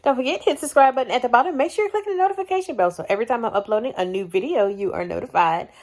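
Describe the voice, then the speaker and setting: A woman's voice: fairly high pitch, animated, fairly quick, hardly any pauses. Chatty, sleepy woman vlogging. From Louisiana. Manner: chatty, repeats herself, drawls with southern slang. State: sleepy, yawning. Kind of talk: casual vlog chat.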